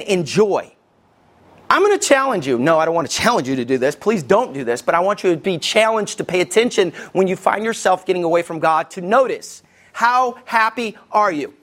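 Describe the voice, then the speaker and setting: Speaking in a high-pitched voice, this middle-aged Alabama man with a Southern accent delivers a sermon as pastor. His style is animated and conversational, aimed right at the congregation.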